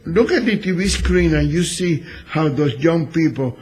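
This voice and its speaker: A man with a fairly high voice drops in as a guest on a talk radio show. He chats and jokes loosely, often dropping grammar as he goes. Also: expressive, a little slow, a little mellow, husky. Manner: chatty, joking, loose grammar. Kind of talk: casual political talk radio.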